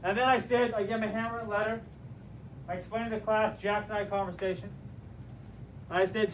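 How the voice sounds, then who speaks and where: Man, high-pitched, animated teacher, motivational, distant mic, faint background noise. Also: fairly quick, pauses often. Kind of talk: storytelling lesson to a class. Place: classroom.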